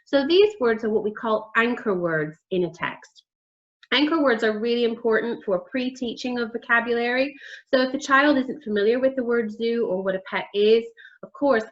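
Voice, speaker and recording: A woman training teachers, modelling words and questions for young children in a clear, expressive teacher voice. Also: on the high side, dull audio. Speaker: literacy trainer.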